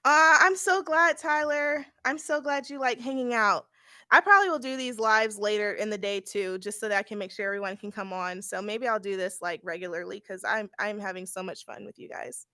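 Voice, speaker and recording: A woman's voice: medium pitch, fairly even intonation, fairly quick, sharp tone, no echo, clean studio sound. A young woman giving a casual live-stream tarot reading, blunt and laughing often, with occasional swearing. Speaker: tarot reader.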